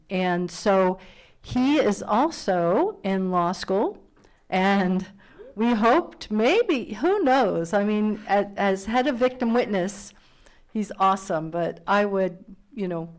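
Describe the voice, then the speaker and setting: A woman district attorney giving halting remarks of praise at a county board meeting, with many pauses and fillers. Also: medium pitch, animated, smooth.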